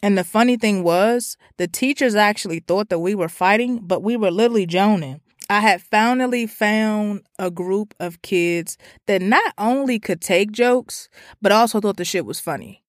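A woman's voice: medium pitch, normal speed, no echo. A young woman from Washington, D.C. tells a comic story in a profane, slangy way. She acts out every voice she quotes with lots of energy. Her voice sits in a middle register, and the recording is dry with no room sound.

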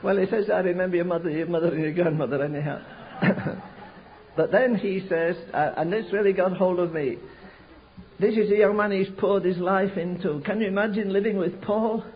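A man's voice: high-pitched, moderate pace. An older man from America preaching a sermon, telling stories and building to fervent emphasis. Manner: storytelling, rising to fervent emphasis. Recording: dull lo-fi sound.

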